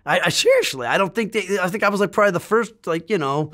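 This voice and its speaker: Man interviewee, slightly high voice, rambling casual tale, lots of swearing and stammered restarts. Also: expressive, quick pace, sharp tone. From United States. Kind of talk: casual storytelling.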